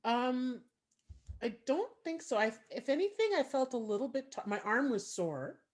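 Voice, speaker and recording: A woman's voice: sits high, expressive, normal speed, a little mellow. A woman hosting a podcast who chats casually and laughs along, giggly and encouraging. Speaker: podcast host.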